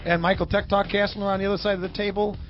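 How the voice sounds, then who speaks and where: Man, radio co-host, joking banter, slightly high voice, dull lo-fi sound, music behind. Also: level tone. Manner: joking, quick interjections.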